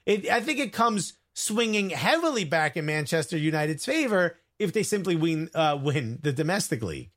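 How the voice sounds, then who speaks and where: A man co-hosting a casual sports talk show, joking and giving quick opinions. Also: on the high side, very animated, fairly bright tone. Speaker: co-host.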